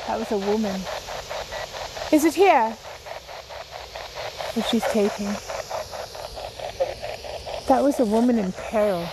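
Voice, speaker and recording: Brief: paranormal investigator, woman with a high voice, softly coaxing questions, noisy outdoor cemetery recording. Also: expressive, slow pace, long pauses. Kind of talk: spirit communication session.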